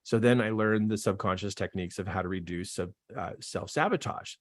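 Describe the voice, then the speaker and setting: A man coaching on self-help, telling his own story in a casual, animated way and acting out his astonished reactions. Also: lowish voice, a little fast. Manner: casual, says "like" and "man" often. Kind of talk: personal storytelling to camera.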